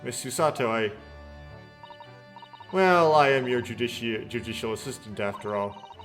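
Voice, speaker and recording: A man's voice: mid-range voice, normal speed, fairly bright tone, soft background music, lightly acted. A man reading aloud as a devoted, earnest young woman who serves as a legal assistant in a game. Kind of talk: game dialogue read-aloud.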